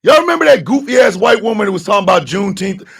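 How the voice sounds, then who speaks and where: A man from the United States hosting a radio morning show, giving fiery, profane commentary that bursts into shouting. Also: high voice, very animated, rapid-fire, gravelly, slightly rough.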